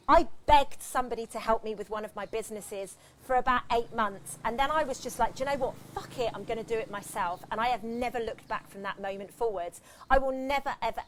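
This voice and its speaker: A woman's voice: on the high side, a little hiss or hum. Impassioned woman on a livestream. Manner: impassioned, swears freely. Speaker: livestream host. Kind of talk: motivational livestream talk.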